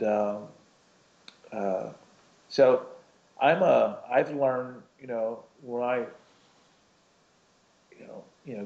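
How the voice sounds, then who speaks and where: A man's voice: medium pitch, mellow, dull audio. A man preaching a conversational sermon, rambling through a personal story with lots of "you know" and "right?".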